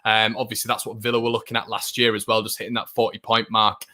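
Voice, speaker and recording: A young man with a lowish voice talks fast while hosting a live football watchalong stream. An excitable fan, he chats casually, reads out viewer comments, and fills his speech with fillers and restarts.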